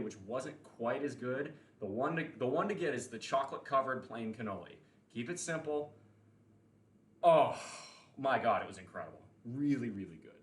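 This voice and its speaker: A man talking casually on his livestream, opinionated and rambling, with plenty of fillers and restarted sentences. His voice sits at an ordinary middle pitch. The room around him gives a noticeable echo. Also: fairly bright tone. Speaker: podcast host.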